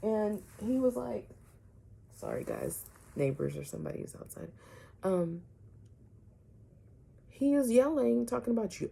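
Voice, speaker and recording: A woman vlogger telling a personal story to her viewers, animated, often asking "right?" and dropping some words to a whisper. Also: medium pitch, a little slow, creaky, pauses often, slightly rough.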